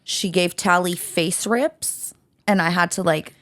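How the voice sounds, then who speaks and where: A woman co-hosting a podcast in casual chat, blunt and quick to laugh, swearing freely. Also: fairly low pitch, a bit bright, dry recording, clean studio sound. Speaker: podcast co-host.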